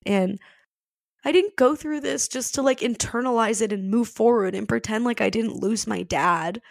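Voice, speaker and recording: A woman's voice: a little high, creaky, no room sound. A young woman hosting a podcast, talking candidly and emotionally about grief, with many "like"s and frank swearing. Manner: raw, emotional, fillers of 'like', swears freely. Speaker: podcast host. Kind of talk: candid personal monologue.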